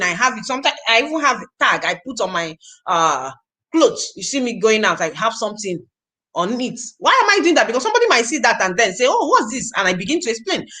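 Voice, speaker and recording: A woman leading a motivational training talk on recruiting, emphatic and repetitive, drilling each point home. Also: a little high. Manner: acts out the prospect conversations in animated voices. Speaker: network marketing team leader and trainer.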